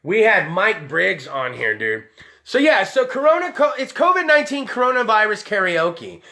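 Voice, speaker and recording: A man's voice: high voice, very animated, moderate pace, bright, forceful tone. A man hosting a live-streamed show, talking in a loose, tipsy, heavily profane way. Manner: rowdy, tipsy, swears a lot. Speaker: podcast host.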